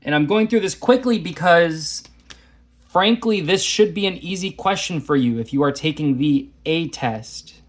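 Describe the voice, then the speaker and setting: Chatty male math teacher, fairly high voice. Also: animated, moderate pace. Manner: chatty, self-deprecating, talks while drawing graphs. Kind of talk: casual lesson walkthrough.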